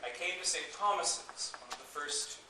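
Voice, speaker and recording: A man's voice: fairly high pitch, normal speed. Man, middle-aged, wry party speech, distant mic in a reverberant hall. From Canada. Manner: wry anecdotal storytelling. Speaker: associate priest. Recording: echoey distant recording with noise.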